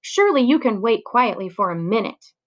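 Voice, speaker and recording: A woman voicing a stern schoolteacher in a children's story reading, speaking slowly and firmly. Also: a little high, sing-song, highs cut off. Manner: stern, deliberate.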